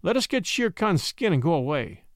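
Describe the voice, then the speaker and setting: A man's voice: on the high side, sing-song, moderate pace, no room sound, clean studio sound. A man doing a scornful jungle boy. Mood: defiant. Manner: bold, scornful. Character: defiant wolf-raised boy, proud and scornful.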